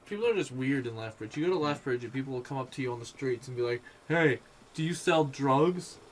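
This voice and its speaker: A man's voice: mid-range voice, rapid-fire, a little mellow, slight background noise. A young man, co-hosting a casual podcast chat, teasing and laughing easily. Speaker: podcast co-host. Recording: music playing behind. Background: music.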